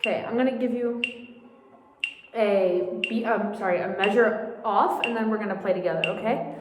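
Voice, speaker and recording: A woman's voice: medium pitch, moderate pace, roomy sound, long reverb tail, background noise. A woman coaching a viola section, speaking through a face mask and slightly out of breath, chatty and informal with frequent fillers as she counts beats aloud. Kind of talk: casual practice lesson, counting beats aloud.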